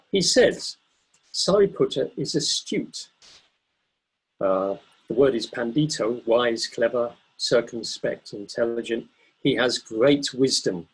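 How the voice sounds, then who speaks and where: A man with a husky, slightly breathy voice gives a Buddhist talk. He speaks thoughtfully and without hurry, at a middling pitch, pausing often with ums and correcting himself along the way. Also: low-quality recording. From Britain. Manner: thoughtful, unhurried, pauses with ums and self-corrections. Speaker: Buddhist teacher. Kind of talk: dharma talk.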